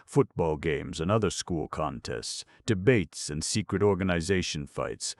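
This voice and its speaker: A man narrates an audiobook in a steady, measured way. His voice is extremely deep with a gravelly edge. The sound is close and dry. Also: no echo. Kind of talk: scripted narration.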